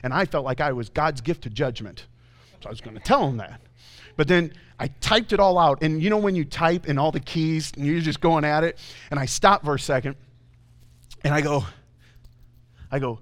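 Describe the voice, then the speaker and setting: Animated pastor preaching a sermon. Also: male voice, fairly high pitch, fairly quick. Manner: conversational, animated storytelling with audience asides. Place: church.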